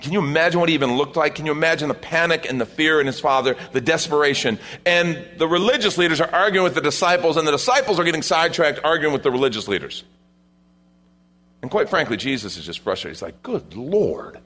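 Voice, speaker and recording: A man preaching a sermon, reading scripture and explaining it, rising to loud emphasis at times. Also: a little high, lively intonation, quick pace. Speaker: pastor.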